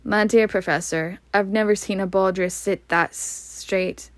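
A woman reading aloud, voicing an old male wizard in a softer, lowered voice. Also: fairly even intonation, unhurried, no room sound, lightly acted. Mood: amused. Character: wise old male wizard, gently amused.

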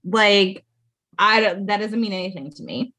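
A woman's voice: mid-range voice, moderate pace, bright, forceful tone. A young woman co-hosting a podcast, chatting frankly and wryly about a reality show. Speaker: podcast co-host.

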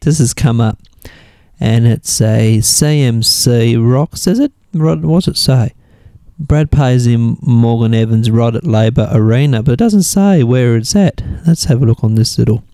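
A man's voice: medium pitch, mellow, no echo. A man with an Australian accent hosting a casual radio music show, rambling and thinking aloud as he looks things up between songs. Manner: rambling, thinks aloud while searching online. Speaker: radio host.

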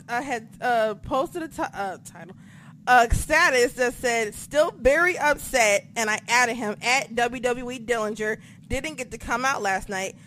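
A young woman on a podcast, telling stories in a casual, profane, animated way. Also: fairly high pitch, a little hiss or hum. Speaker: podcast co-host. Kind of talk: casual chat.

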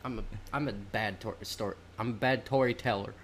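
A man's voice: fairly low pitch, steady tone, brisk, a little hiss or hum. A man co-hosting a podcast in casual, profane chat, laughing often. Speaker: podcast co-host.

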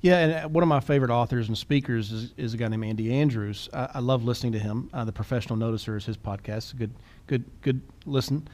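Chatty, quick-talking male podcast host. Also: mid-range voice. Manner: chatty, restarts and repeats words; animated and quick. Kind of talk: casual podcast chat.

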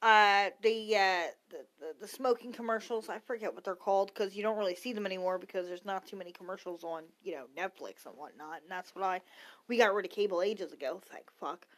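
A woman's voice: medium pitch, fairly quick, fairly bright tone. A woman in her thirties hosting her own podcast, ranting casually and bluntly, swearing freely and wandering off into asides. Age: 30s. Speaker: podcast host. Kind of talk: casual opinion rant.

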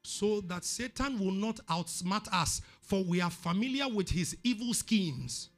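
Ghanaian pastor, high bright voice, emphatic repetitive preaching, soft music under. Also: male voice, lively intonation, measured pace. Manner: emphatic preaching, repeats words for stress. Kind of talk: sermon.

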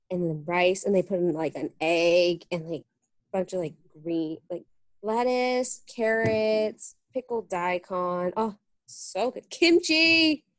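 A woman's voice: mid-range voice, no room sound. A young woman co-hosting a podcast in casual chat, giggly and talkative, with lots of "like". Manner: chatty, giggly, heavy use of "like". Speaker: podcast co-host.

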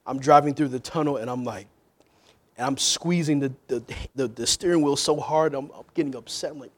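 Preaching a sermon at a slightly fast clip, a male pastor calls out to his congregation, shifting between hushed, low asides and loud, shouted passages.

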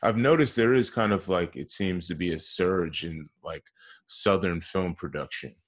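Man, very low voice, husky, casual interviewer. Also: normal speed. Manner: brief agreeing backchannels. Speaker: interviewer host.

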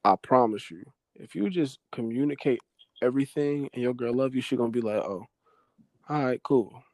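A man's voice: medium pitch, brisk, no echo. Earnest young man giving advice. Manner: earnest, advising, conversational. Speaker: podcast guest. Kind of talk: casual chat.

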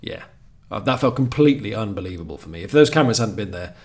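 A man with a fairly low voice, chatting as a podcast guest. He slips in dry, wry remarks as he talks. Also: expressive, fast talker. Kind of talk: casual chat.

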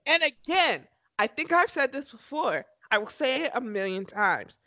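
A woman's voice: high voice, sing-song, normal speed, pushed and bright, no echo. A woman co-hosting a podcast in casual chat, enthusiastic and emphatic as she gushes. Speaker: podcast co-host.

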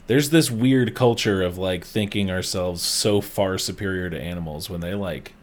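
A man co-hosting a casual podcast, with a very deep, low voice. He talks bluntly and relaxed, dropping swear words offhandedly. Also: normal speed. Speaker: podcast co-host.

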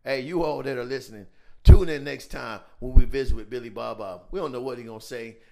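A man acting as a show host in a comedy sketch, talking in a low-key, coaxing, mumbling way. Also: brisk, creaky, dark tone.

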